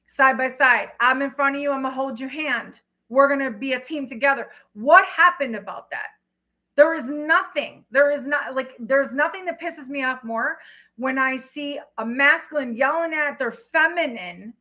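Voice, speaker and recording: Woman, tarot host, high and bright voice, blunt and profane, unscripted rant to viewers. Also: moderate pace. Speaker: tarot reader. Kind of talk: livestream tarot chat.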